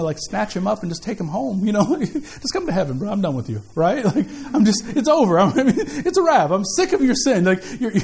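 A man preaching a sermon as pastor, in an animated, jokey, conversational way. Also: fairly high pitch, vocal fry, a little hiss or hum. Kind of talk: sermon with storytelling.

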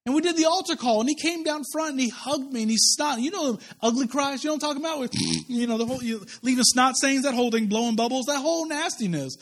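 High-voiced pastor preaching a sermon. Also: male voice, fast. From Kansas, USA. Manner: conversational, humorous asides and repeated rhetorical questions. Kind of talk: sermon with personal storytelling. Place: church service.

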